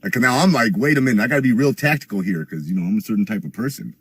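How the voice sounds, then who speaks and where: Husky young man, profane rambling storyteller, dry close mic. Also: racing, dry recording. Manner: profane, rambling, gets louder and higher when excited. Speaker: streamer telling a story. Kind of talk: casual storytelling.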